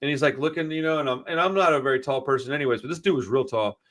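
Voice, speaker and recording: A man's voice: mid-range voice, very fast, fairly bright tone. A middle-aged man from Texas, a podcast host, telling a long rambling story in casual chat, swearing freely and calling everyone dude and bro. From Houston area, Texas.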